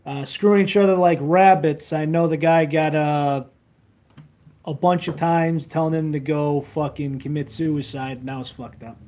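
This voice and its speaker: A man's voice: fairly high pitch, steady tone, normal speed, warm tone. A young man rambling casually on a phone livestream, crude and full of fillers while he reads comments. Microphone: handheld phone.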